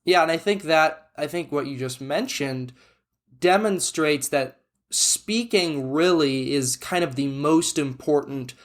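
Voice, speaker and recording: A man's voice: on the high side, measured pace. Reflective man in casual chat. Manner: thoughtful, reflective, frequent "you know" and restarts. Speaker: podcast co-host. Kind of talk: casual conversation.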